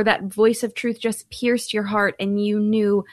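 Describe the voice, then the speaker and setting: A woman's voice: medium pitch, little pitch movement, unhurried, hardly any pauses, no echo. A woman from Ireland co-hosting a Catholic radio talk show, chatty and enthusiastic as she invites calls.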